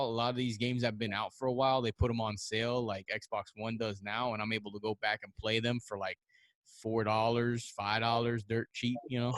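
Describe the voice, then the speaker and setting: A man's voice: medium pitch, no room sound, studio quality. A man hosting a casual podcast chat over an online call, laid-back, with many fillers and restarts. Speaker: podcast host.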